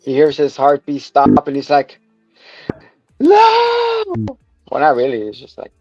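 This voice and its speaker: A man's voice: medium pitch, flat delivery, fairly quick, a little mellow, dry recording. A man co-hosting a podcast, recapping a show in casual chat, rambling and swearing as he acts out scenes. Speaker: podcast co-host. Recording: dull lo-fi sound with music behind.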